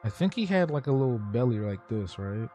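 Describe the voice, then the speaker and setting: A man's voice: medium pitch, sing-song, fairly quick, mellow, faint music behind. A man streaming live while he draws cartoons, joking and reacting to his chat as he thinks aloud.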